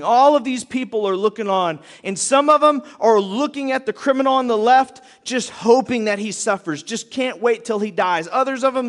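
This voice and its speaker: A man preaching a sermon, retelling a story with emphatic, dramatic storytelling that swings between loud and hushed. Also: high-pitched. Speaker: pastor. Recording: long hall reverb.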